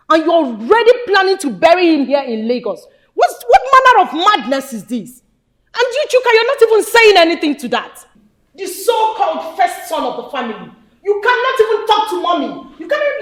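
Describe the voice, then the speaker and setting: An actress with a Nigerian accent playing a fiery grown daughter who scolds her family after her father's death. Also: very high-pitched. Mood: indignant. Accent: Nigerian English. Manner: scolding, sharp, rapid accusations. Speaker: actor. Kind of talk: Nollywood film acting.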